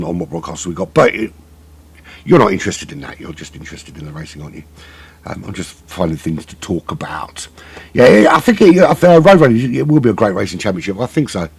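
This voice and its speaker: A creaky, slightly rough, lowish male voice belongs to a middle-aged sim racing commentator. He's live on air, rambling and making jokes about himself while he fills time.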